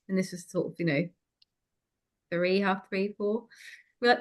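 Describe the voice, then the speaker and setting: A woman telling a personal story in conversation, frank and lively, with many fillers. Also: medium pitch, measured pace, pauses often. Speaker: interview guest.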